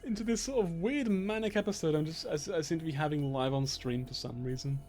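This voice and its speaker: A man's voice: on the high side, a little fast, a little mellow. A young man streaming a game, rambling and stammering through fits of laughter. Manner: giddy, rambling, stammering, keeps laughing and repeating himself. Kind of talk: live gameplay commentary. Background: faint game music.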